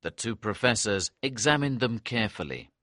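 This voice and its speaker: A man giving a scripted audiobook narration of a story in a clear, lively storytelling manner. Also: lowish voice, moderate pace, dry recording, clean studio sound.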